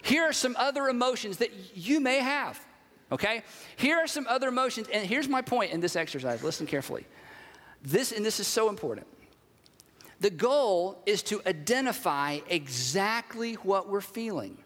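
In a sing-song, high, slightly bright voice at normal speed, a man preaches as a pastor. He keeps it conversational and performs quoted everyday dialogue, and a long hall reverb fills the recording.

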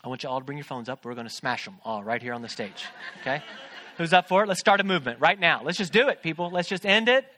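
A man's voice: a little high, expressive, quick pace, bright, forceful tone, a little hiss or hum. A man in his thirties, a pastor, preaching a sermon from a church stage in a conversational, joking way, with questions to the congregation.

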